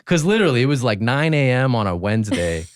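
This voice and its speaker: A man in his twenties, a podcast guest, telling relaxed anecdotes full of fillers and restarts. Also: mid-range voice, quick pace, no room sound, clean studio sound. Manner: relaxed, anecdotal, many fillers and self-corrections. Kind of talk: casual storytelling chat.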